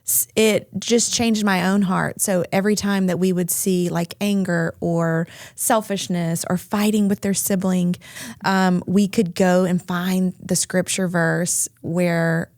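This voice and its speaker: A woman's voice: fairly low pitch, little pitch movement, a little slow, a little mellow, dry recording, clean studio sound. A woman hosting a podcast, responding in an affirming, reflective way. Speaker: podcast host. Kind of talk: podcast conversation.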